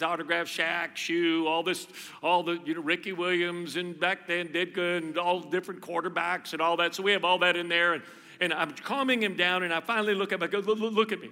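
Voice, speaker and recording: A middle-aged man preaching a sermon as pastor, telling stories with lively emphasis and repeating phrases. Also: on the high side. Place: church hall. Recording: reverberant hall, faint music.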